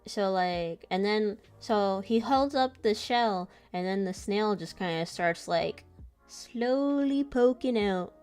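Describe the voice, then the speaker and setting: A woman's voice: mid-range voice, takes it slowly, darkish tone, clear, resonant tone, soft background music. A young woman chatting casually while she draws, telling a travel story in a loose, rambling way and laughing often between sentences. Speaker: comic artist and channel host. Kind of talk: casual chat while drawing.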